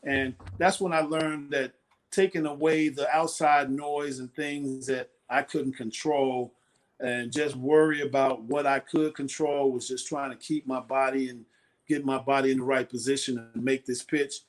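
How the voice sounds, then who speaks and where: An ex-pitcher in his sixties, unhurried and mid-range in pitch, shares stories as a guest in a casual interview. He brings his tales to life by voicing the people he quotes.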